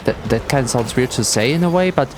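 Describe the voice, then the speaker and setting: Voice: medium pitch, quick pace, noisy background. A streamer chatting casually and playfully during a gameplay livestream. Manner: playful and animated, with silly meowing bits.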